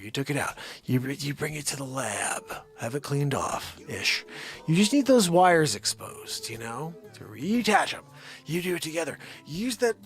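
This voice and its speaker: A man hosting a daily live comedy stream from home, rambling loosely, scolding his dogs and calling out viewers' names. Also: fairly high pitch.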